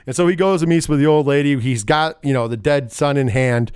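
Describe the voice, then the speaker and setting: A man talks through a film's plot in a loose, rambling way. He jumps off on side thoughts and corrects himself, with wry, profane asides. His voice sits a little high, and the sound is dry and close. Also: a little fast, a little mellow, clean tone, no echo. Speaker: movie reviewer. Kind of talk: casual film recap.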